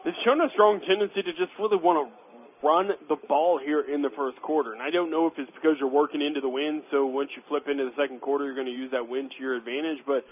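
A man's voice: fairly high pitch, fairly even intonation, fast. A man giving color commentary on a live college football radio broadcast, walking through what each play means. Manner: explanatory, breaks down each play. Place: press box at a stadium. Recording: tinny phone-line radio with faint noise.

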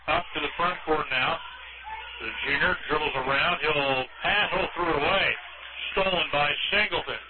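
A male radio announcer calls a basketball game play by play, brisk and running. His voice sits a bit high and comes through a narrow, tinny band. A clear hiss runs underneath. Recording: tinny lo-fi radio broadcast with noise.

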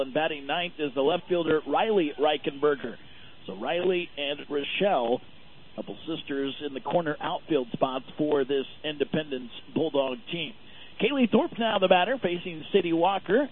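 A man calling a softball game as a radio play-by-play announcer from behind home plate, steady and informative, loud and high on big plays. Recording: phone-like lo-fi radio feed with faint noise.

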